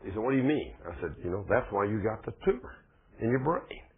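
Male preacher, husky and homespun, tinny lo-fi audio. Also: lowish voice, big pitch swings, fast talker. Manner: folksy, conversational preaching with plain speech and rising emphasis. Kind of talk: sermon. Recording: phone-like, thin lo-fi recording.

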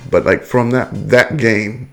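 A man's voice: medium pitch, unhurried, a bit bright. A man, a podcast guest telling rambling stories with lots of fillers in casual chat. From England. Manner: rambling storyteller with many fillers.

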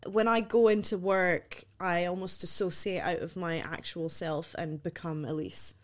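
A woman's voice: fairly low pitch, steady tone, unhurried. Frank young woman, light Scottish accent. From Scotland. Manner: frank, blunt and wry. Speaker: podcast guest. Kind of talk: casual podcast chat.

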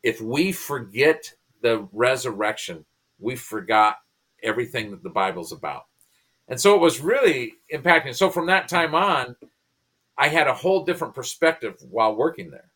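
Man, 50s, pastor-comedian guest; bright tone, animated storyteller who restarts his sentences. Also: medium pitch, moderate pace, breathy edge. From United States. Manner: animated, restarts and repeats words. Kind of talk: conversational storytelling.

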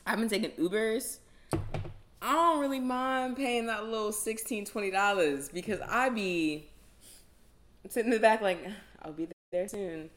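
A woman's voice: fairly high pitch, normal speed, fairly bright tone. A woman co-hosting a podcast in casual chat, laughing often, slangy and loose with casual swearing. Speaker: podcast co-host. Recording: noisy background.

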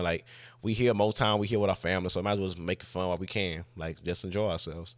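Deep-voiced man rambling through a story. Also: fairly even intonation, fairly quick, no room sound, clean studio sound. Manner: rambling, heavy use of "like", frequent restarts. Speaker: podcast host. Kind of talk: casual personal storytelling.

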